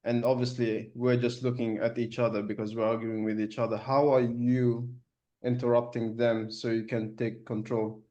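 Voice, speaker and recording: A man's voice: medium pitch, little pitch movement, normal speed, dark tone, muffled recording. A man on a video call earnestly asking the coach a question. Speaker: coaching participant.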